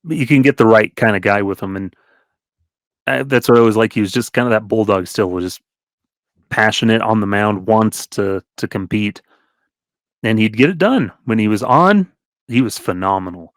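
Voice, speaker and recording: A man talking sports with a relaxed, chatty delivery, rattling off numbers and laughing between them. His voice sits fairly low, and the recording is close and dry with no room sound. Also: moderate pace, dry recording. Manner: reels off stats, chuckles often. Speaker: podcast co-host. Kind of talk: casual sports chat.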